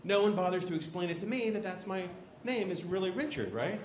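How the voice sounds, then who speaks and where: Male stand-up comic, high voice, animated storytelling, loud roomy club, audience noise. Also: brisk. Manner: animated storytelling, jumps into shrill shouted voices for characters; tag questions "right?" after nearly every beat. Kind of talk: stand-up comedy. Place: comedy club stage.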